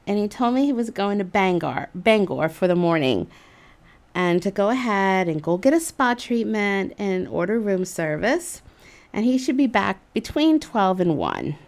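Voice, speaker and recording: A woman recounts a personal story in a relaxed, chatty way. She giggles often and keeps dropping fillers like "like" and "you know". Her pitch sits right in the middle. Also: a little slow. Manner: animated, giggly, with frequent fillers like "like".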